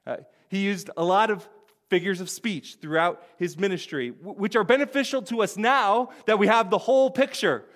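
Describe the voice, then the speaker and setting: A man's voice: high voice, normal speed, a bit bright. A man preaching a conversational sermon in an earnest way, asking his listeners questions and often restarting his words. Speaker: pastor.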